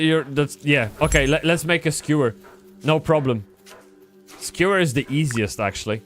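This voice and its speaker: A man's voice: on the high side, moderate pace, fairly bright tone, faint music behind. A man from Poland, chatting casually while streaming a game, rambling with frequent restarts and swearing. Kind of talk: casual gaming livestream chat.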